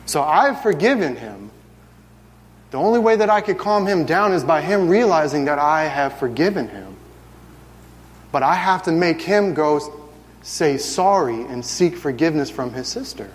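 A man in his thirties preaching a sermon, telling stories with lively acted-out voices. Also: on the high side, moderate pace, in a large hall. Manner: animated storytelling, acts out family scenes.

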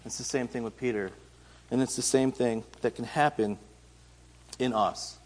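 A man's voice: mid-range voice, fairly even intonation, moderate pace, a little mellow. Man preaching casually in an echoey hall. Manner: conversational, acts out Bible figures in everyday speech. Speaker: pastor and teacher. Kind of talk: casual sermon. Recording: reverberant hall.

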